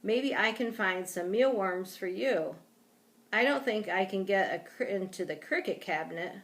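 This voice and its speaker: A woman voicing a small, excited male pet hamster who talks in squeaky, eager exclamations. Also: moderate pace. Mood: earnest.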